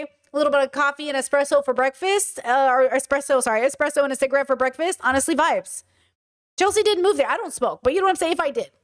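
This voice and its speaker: Brief: high-pitched woman host, loose, swearing, jokey reaction talk. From United States. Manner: animated, profane, joking. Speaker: commentator reacting to a video. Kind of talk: casual reaction commentary. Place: living in Croatia.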